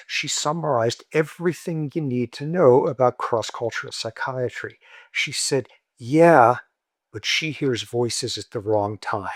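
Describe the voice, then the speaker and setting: A man giving a university lecture, telling a story and acting out the dialogue with sudden jumps in pitch. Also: no echo. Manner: animated, acts out quoted dialogue with jumps in pitch. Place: lecture hall.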